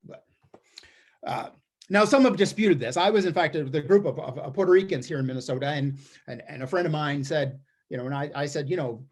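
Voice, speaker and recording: A man's voice: fairly high pitch, a little fast. A man giving a wry, observational comic storytelling monologue, often restarting his sentences. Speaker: storyteller performer. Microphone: streamed performance mic.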